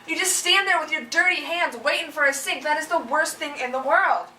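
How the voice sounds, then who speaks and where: A woman's voice: sits high, expressive, fairly quick, few pauses, pushed and bright, a little hiss or hum. A young woman vlogger ranting casually and with exasperation about things that annoy her, acting out the people she complains about. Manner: chatty and exasperated, acts out quoted people. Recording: roomy, a little distant from the mic.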